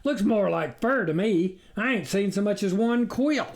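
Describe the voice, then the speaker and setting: A man's voice: high-pitched, expressive, moderate pace, creaky, voice pushed up. A man voicing an easygoing farmer with a rural country drawl. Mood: wondering. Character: folksy, easygoing old farmer.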